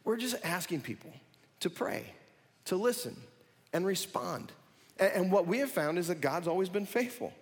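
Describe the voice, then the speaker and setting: A man's voice: sits high, lively intonation, normal speed, in a large hall. A middle-aged male pastor preaching a sermon, building to emphatic bursts and asking the congregation questions. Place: church sanctuary.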